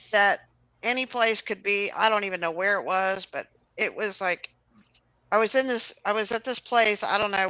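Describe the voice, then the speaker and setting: Bright-voiced woman telling a rambling story. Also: mid-range voice, no echo, low-quality recording. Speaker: host. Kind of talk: casual chat, storytelling.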